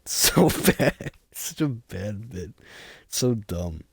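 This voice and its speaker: A man streaming a game live, rambling and goofy in a deadpan way. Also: on the low side, slow, gravelly, slightly rough, no echo.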